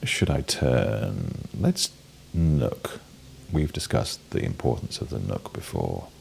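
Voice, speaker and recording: A man's voice: a bass voice, very animated, slow pace, gravelly, a little mellow, a little hiss or hum. A British man with a cold, giving wry, playful commentary while playing a game, with many ums and restarts. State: has a cold, coughing and sneezing. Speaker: game streamer. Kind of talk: casual gameplay commentary.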